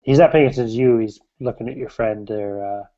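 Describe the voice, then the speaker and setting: A man's voice: mid-range voice, fast talker, dark tone. A man narrating as game master of a tabletop game, casual and rambling, laughing often, on a muffled recording.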